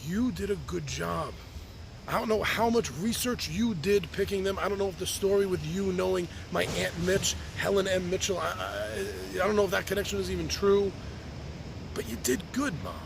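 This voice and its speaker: A man's voice: sits high, normal speed, creaky, noisy background. A man speaking a heartfelt open letter on his podcast, reflective and earnest, sometimes restarting his sentences. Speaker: podcast host writing to his birth mother. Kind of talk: personal open-letter monologue.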